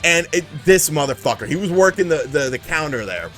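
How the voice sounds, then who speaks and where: Male channel host, swearing casual storyteller, lively voice a touch high. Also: brisk, soft background music. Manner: profane, animated, acts out the people in his stories. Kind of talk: casual storytelling about retro video games.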